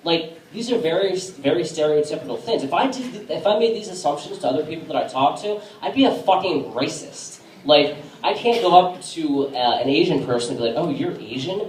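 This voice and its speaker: A man performing a casual stand-up set on a bar stage, with a halting delivery full of fillers. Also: fairly high pitch, animated, a little hiss or hum. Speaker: stand-up comedian. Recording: echoey room from a distance.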